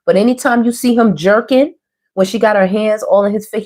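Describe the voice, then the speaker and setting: A woman's voice: mid-range voice, fairly quick, a little mellow. A woman giving a casual spoken tarot reading, chatty and repetitive, restating each point twice. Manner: chatty, repetitive, relays messages in quotes. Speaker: tarot reader.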